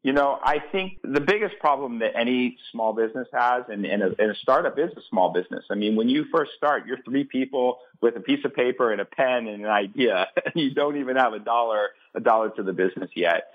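A man's voice: mid-range voice, animated, a little fast, hardly any pauses, phone-quality sound. A man, a startup founder, answering interview questions earnestly and enthusiastically, often repeating words as he starts a thought.

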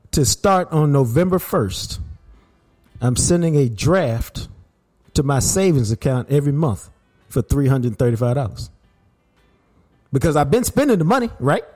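A man hosting a podcast, telling stories in an emphatic, worked-up way. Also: fairly high pitch. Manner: animated, emphatic storyteller who gets worked up. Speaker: podcast host. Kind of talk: casual podcast chat.

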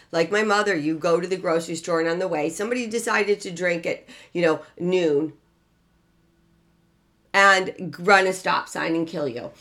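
A middle-aged woman with a somewhat low voice hosts a relationship podcast. She talks in a motivational, preachy manner. She is emphatic and repeats key phrases for weight. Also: fairly bright tone.

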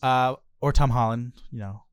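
A man's voice: medium pitch, steady tone, moderate pace, smooth, no echo, studio quality. A man hosting a casual podcast chat, playful and teasing, swearing freely. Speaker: podcast host.

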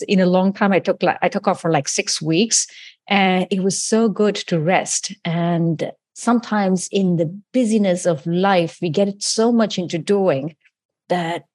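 A woman's voice: mid-range voice, a little mellow. A woman hosting a podcast interview, reflective and enthusiastic, with frequent casual fillers. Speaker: podcast host.

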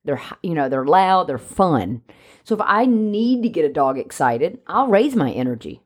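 A woman who trains dogs, talking casually on a podcast and explaining her ideas through steady, talkative examples. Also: deep voice, normal speed. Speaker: dog trainer.

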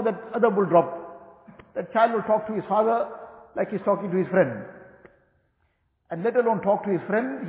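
A man with a high voice delivers a religious lecture, working through each point in a measured way and rephrasing it as he goes. He recites Arabic passages between his explanations. The recording is thin and tinny, with the long echo of a large hall. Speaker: Islamic teacher.

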